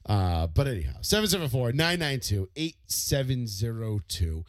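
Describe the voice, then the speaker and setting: A man's voice: medium pitch, sing-song, normal speed, no echo. A man co-hosting a podcast, ranting animatedly and profanely in casual sports chat. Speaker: podcast co-host.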